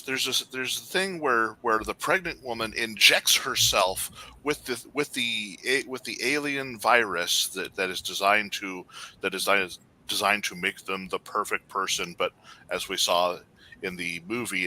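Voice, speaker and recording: A man's voice: on the low side, measured pace, bright, forceful tone. A man co-hosting a podcast in casual chat, rambling with many restarts as he critiques. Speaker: podcast co-host.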